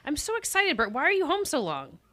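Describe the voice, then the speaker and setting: A woman's voice: high voice, huge pitch swings, brisk, fairly bright tone. A woman co-hosting a podcast in casual chat, eager and full of questions. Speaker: podcast co-host.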